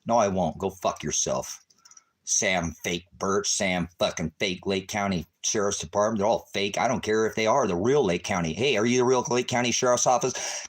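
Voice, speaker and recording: A man ranting at his viewers on a livestream, cursing and taunting them, swinging between shouting and low muttering. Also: normal speed. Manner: angry, cursing, taunting, repeating insults. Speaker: ministry livestreamer. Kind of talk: profane livestream rant at viewers.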